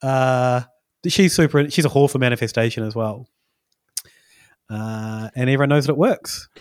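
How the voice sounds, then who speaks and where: A man's voice: medium pitch, normal speed, darkish tone, smooth, no room sound, clean studio sound. A man, co-hosting a casual podcast chat and telling a rambling story with many fillers. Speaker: podcast co-host.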